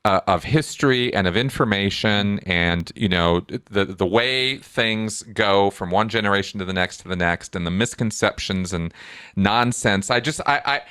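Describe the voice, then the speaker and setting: Bright-voiced man, heated podcast host. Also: normal speed, smooth. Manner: gets high-pitched and heated when ranting. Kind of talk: conversational podcast chat.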